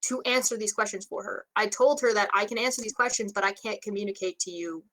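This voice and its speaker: A woman in a casual livestream chat, calmly explaining her side point by point. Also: medium pitch, fast, low-quality recording.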